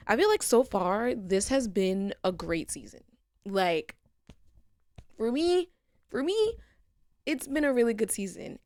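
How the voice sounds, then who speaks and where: A woman's voice: fairly low pitch, no echo, studio quality. A woman hosting a reaction video, chatty and emotional as she watches a drama series. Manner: excitable, emotional, chatty, laughing often.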